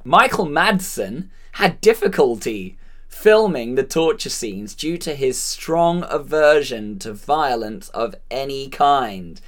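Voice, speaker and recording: A woman co-hosting a relaxed conversation about a film, sharing bits of trivia and laughing easily. Her voice sits low but moves up and down with lively, animated pitch. She talks loosely, with plenty of restarts. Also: takes it slowly. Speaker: podcast co-host. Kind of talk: casual film chat.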